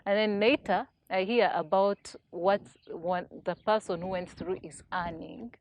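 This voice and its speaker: A woman's voice: mid-range voice, fairly even intonation, unhurried, dull audio, slight background noise. A woman co-hosting a casual panel chat, telling a story candidly and laughing at herself. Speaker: podcast co-host.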